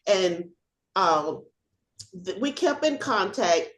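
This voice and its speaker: Older woman, ex-cop, animated storyteller, video call audio, echoey room. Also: mid-range voice, slow. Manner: animated storyteller, acts out shouting and laughs. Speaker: retired police officer.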